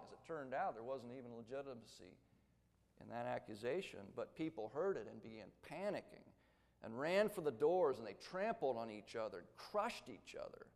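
A man preaching a sermon, telling a story with dramatic swings between loud emphasis and hushed tones. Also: mid-range voice, big pitch swings, moderate pace, gravelly, in a large hall.

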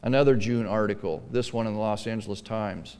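A man pastor preaching a sermon in a church, emphatic, dropping to quiet asides and then pressing hard on key lines. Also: lowish voice, fairly quick, smooth, in a large hall.

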